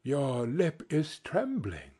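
A man putting on a gentle old spirit, raised soft and husky, speaking with slow solemn care in a storybook tale. The lilting voice rises and falls as it guides the listener. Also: medium pitch, wildly swooping pitch, exaggerated voice. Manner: mild, measured.

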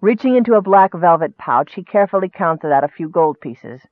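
A man narrating a fantasy audiobook in a measured, expressive way. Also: high voice, dry recording. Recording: dry, tinny, narrow-band.

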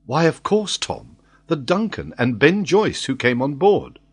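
Man voicing a vehement lord, raised pitch, husky, audiobook. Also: sing-song, unhurried, exaggerated voice. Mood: urgent. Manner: vehement, questioning. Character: urgent male nobleman and expedition leader.

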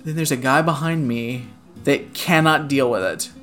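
Here a podcast co-host with a medium-pitched voice and moderate pace rants through a story in casual chat. Swearing comes often and "like" comes constantly in this animated telling, with faint guitar music in the background.

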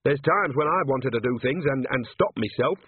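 A man's voice: on the high side, expressive, unhurried, slightly rough, dry recording, phone-quality sound, voice pushed up. A man voicing a blunt, cheeky old village witch with a teasing, homely way of talking.

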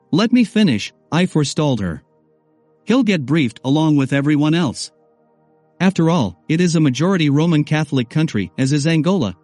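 A male audiobook narrator with a wry, sardonic edge, reading a first-person novel. His pitch swings widely and sits a touch high. The sound is dry and close, with faint music underneath. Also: a little mellow, dry recording.

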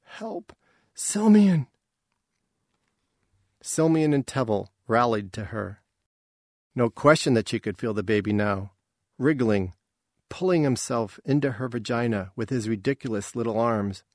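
A man reading a science fiction story aloud in a slow, measured way. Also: mid-range voice, no room sound, clean studio sound. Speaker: narrator. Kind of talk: audiobook reading.

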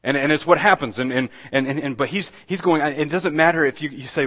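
A man's voice: mid-range voice, fast talker, hardly any pauses, husky. Man preaching a conversational sermon. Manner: conversational, repeats words and restarts, swells louder on key points. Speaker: pastor.

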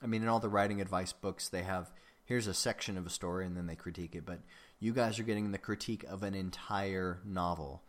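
Man, podcast host, low voice, rambling, filler-heavy, self-deprecating. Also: steady tone, a little fast. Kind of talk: casual solo podcast chat.

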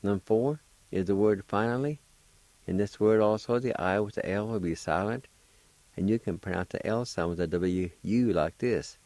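A man hosting a radio language lesson, spelling out words and repeating each syllable deliberately. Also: fairly low pitch, darkish tone, no echo. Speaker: language teacher and radio host.

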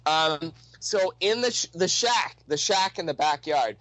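A young man with a high voice tells a story in casual, profane speech. He laughs often and acts out the other people as he goes. The sound is dry and close. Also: expressive, a little slow, a bit bright, dry recording, low-quality recording.

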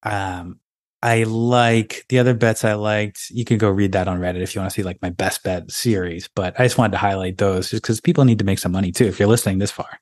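Man, sports podcast co-host, low voice, relaxed and opinionated, dry close sound. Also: a little fast, dry recording. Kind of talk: casual sports chat.

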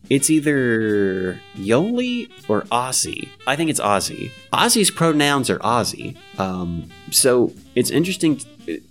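A young man hosting a podcast, chatting casually about a TV show and jumping into high squeaky voices when he quotes people. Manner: animated, jumps into high-pitched voices when quoting people. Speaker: podcast host. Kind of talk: casual chat recapping a TV show.

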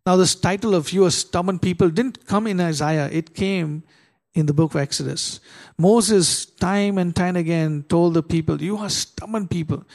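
A man preaching a sermon with an emphatic, rising delivery. He fires rhetorical questions at his listeners and slows right down to read scripture with weight. His voice sits a little higher than most men's. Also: a little mellow. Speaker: pastor.

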